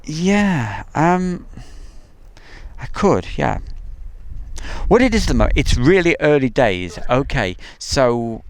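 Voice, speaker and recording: Gravelly-voiced man chatting live. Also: mid-range voice, very animated, slow pace, dry recording. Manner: chatty, rambling, reads viewer messages aloud. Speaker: livestream host. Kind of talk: casual live-stream chat reading viewer comments. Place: outdoors at an airfield.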